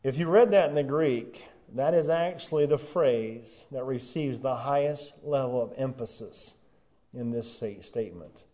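A man preaching a sermon as pastor, building to loud emphatic peaks and then dropping low and quiet for weight. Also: unhurried. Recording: dull lo-fi sound.

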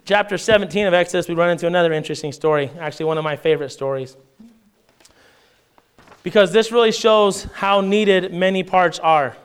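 High, smooth-voiced male preacher. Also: brisk. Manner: reads scripture aloud with lively asides and paraphrase. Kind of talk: sermon with scripture reading.

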